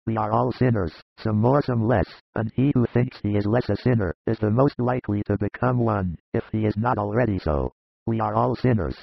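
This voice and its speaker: A man's voice: lowish voice, a little fast, gravelly, breathy edge, no room sound, muffled recording, heavily acted. A man voicing an older male disciple who speaks in an earnest, fatherly way, in a dramatized audiobook reading.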